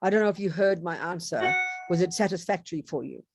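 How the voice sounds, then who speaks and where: A woman's voice: lowish voice, lively intonation, quick pace, a little mellow, soft background music. A woman with an Australian accent giving a Buddhist teaching, speaking bluntly and emphatically. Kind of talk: online Dharma talk with discussion.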